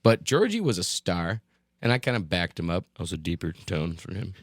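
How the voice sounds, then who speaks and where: A man's voice: low-pitched, sing-song, a little fast, dry recording, studio quality. A man co-hosting a podcast in casual chat, joking, laughing often and slipping into silly voices. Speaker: podcast co-host.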